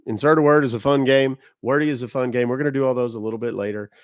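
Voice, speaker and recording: A man's voice: medium pitch, fairly even intonation, racing, dry recording, clean studio sound. A man hosting a live stream, talking casually to viewers and giving blunt, emphatic warnings. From United States. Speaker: livestream host. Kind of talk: casual livestream talk to viewers.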